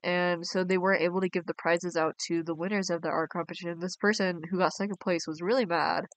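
A woman's voice: lowish voice, steady tone, fast talker, no room sound. A young woman, chatting casually on a game live stream and reading her chat aloud in a bubbly way. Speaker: game livestreamer.

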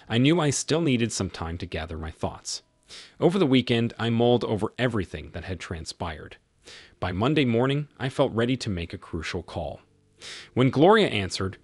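A man reading a scripted first-person story in a plain, even way. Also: lowish voice, husky, no echo. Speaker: narrator.

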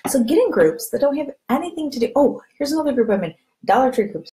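Chatty woman giving sales tips to her team, kinda high voice, very animated. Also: quick pace, poor audio. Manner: animated, acts out quoted friends with voice changes; candid, chatty, repeats catchphrases. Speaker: direct sales team leader. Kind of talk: motivational sales coaching to camera.

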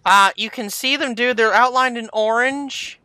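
A player in a co-op video game, chatting casually and calmly giving directions to a teammate. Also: mid-range voice, unhurried, clean tone, dry recording. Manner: steady, explains and directs.

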